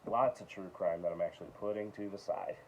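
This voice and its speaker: Low-pitched male vlogger, casual show-and-tell of books, offhand asides, dull home recording. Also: fairly even intonation, a little mellow, a little hiss or hum. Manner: reads titles aloud with quick asides, chuckles. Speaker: book collector vlogger.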